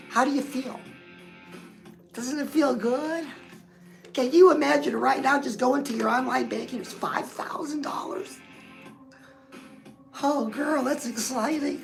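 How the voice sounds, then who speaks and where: Sassy high-voiced woman with gravelly edge. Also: rough recording. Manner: sassy, coaching, calls listeners "girl". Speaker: host. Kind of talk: livestream pep talk.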